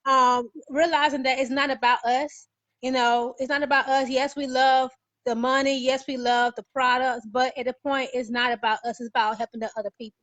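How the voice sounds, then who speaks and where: A woman guest giving a casual, faith-filled testimony in an earnest, halting way, full of small restarts. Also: sits high, little pitch movement, a bit bright, no echo. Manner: earnest, halting, many "you know" fillers.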